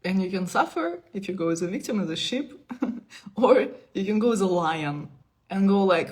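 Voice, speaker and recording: A woman in her thirties giving a casual spiritual talk on a live stream. She is playful, laughs often and moves between soft asides and emphatic bursts. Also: medium pitch, expressive, normal speed. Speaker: spiritual teacher. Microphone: phone or webcam on a live stream.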